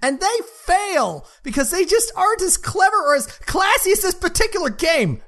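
Putting on a Welsh accent, a woman does a comic, in-character reading of a game review as a chipper, crude, rowdy and gleeful reviewer. Her voice is very high, very animated and fairly bright, heavily acted, at normal speed.

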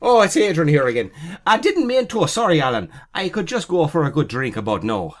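A man's voice: fairly high pitch, very animated, a little fast. A man voicing a crude, drunken Irish man with a rowdy, slurring put-on Irish accent. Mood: sheepish.

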